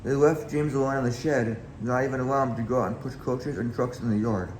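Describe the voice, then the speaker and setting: A man's voice: medium pitch, brisk, a little mellow, slight background noise. A man reading a children's railway storybook aloud in a plain manner, with small slips. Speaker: reader. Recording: echoey room, faint background.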